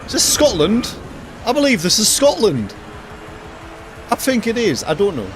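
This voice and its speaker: A young man streaming a racing game live, joking and talking to himself with excitable reactions. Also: sits high, normal speed, background noise. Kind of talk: live gaming commentary. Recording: loud game music behind voice. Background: racing game music and engine sounds.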